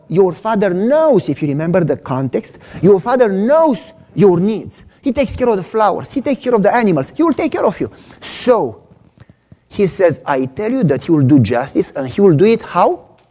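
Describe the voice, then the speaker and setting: Mellow-voiced preacher answering questions. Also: male voice, high-pitched. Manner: emphatic teaching, repeats key lines slowly. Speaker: pastor. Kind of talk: sermon Q&A with audience.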